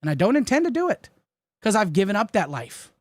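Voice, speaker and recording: A man's voice: high voice, very animated, brisk, no echo, studio quality. A man from Florida arguing heatedly and defensively in a podcast talk, swearing often and with emphasis.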